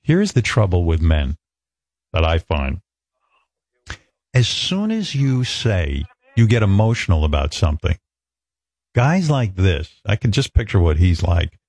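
Male talk-radio host, low, dry studio sound, brash and profane, lively swings in pitch. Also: unhurried, pauses often, dry recording. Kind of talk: radio talk show banter.

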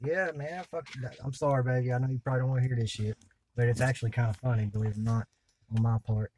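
Stoned man, mid-pitched, rambling crude storyteller, slight background hiss. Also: steady tone, quick pace, a little mellow. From US South. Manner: rambling, profane, laid-back drawl. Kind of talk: crude storytelling in casual chat.

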